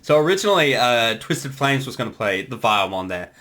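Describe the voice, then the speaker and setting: A man giving casual creator commentary on an episode he worked on, rambling a little with filler words and quick laughs. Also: mid-range voice, very animated, bright, forceful tone, slight background noise.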